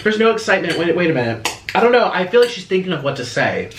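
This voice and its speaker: A man hosting a reaction video, chatting casually and eating between quick remarks. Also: fairly high pitch, very animated, noisy background. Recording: roomy echo.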